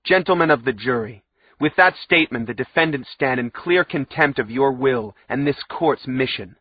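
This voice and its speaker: A man's voice: mid-range voice, lively intonation, normal speed, no echo, voice pushed up, natural voice. A man voicing a pompous, fanatical older male judge who bellows his condemnations in an audiobook. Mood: accusing. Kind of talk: audiobook character voice. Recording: slightly muffled audio.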